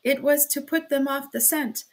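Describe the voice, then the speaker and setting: A woman reading the part of a pale young male workman who speaks in breathless, fairly loud declarations. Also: high voice, normal speed, pitched above the performer's own voice. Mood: blunt.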